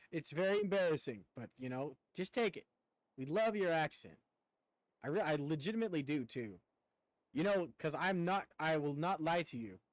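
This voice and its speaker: A man's voice: a little high, no echo, low-quality recording. Chatty young man with a country twang. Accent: rural American Southern twang. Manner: rambling, talkative, casual swearing. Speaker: streamer. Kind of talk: casual chat with viewers while gaming.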